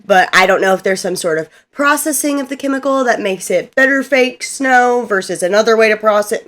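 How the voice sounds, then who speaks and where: A woman's voice: on the high side, brisk. Chatty woman recapping a TV show. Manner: chatty, lively, laughs often. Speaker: recap video host. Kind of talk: casual recap commentary.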